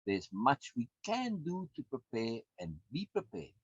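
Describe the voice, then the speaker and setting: A man's voice: mid-range voice, huge pitch swings, unhurried, husky, no room sound. A man, a course instructor and coach, giving a recorded lecture in an emphatic way, repeating words and often adding tag questions. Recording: dull, dry lo-fi sound.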